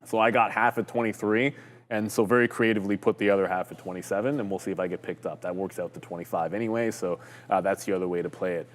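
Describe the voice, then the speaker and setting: A man co-hosting a live trading show, talking through chart setups in a chatty, joking way with quick asides. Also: low voice, steady tone, in a large hall. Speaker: stock market show co-host.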